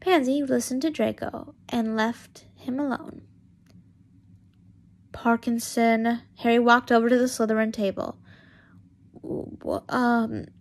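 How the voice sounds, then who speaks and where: A woman's voice: a little high, darkish tone. A young woman casually reading fanfiction aloud, stumbling over words and restarting lines as she goes. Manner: halting, stumbles and restarts often. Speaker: fanfiction reader.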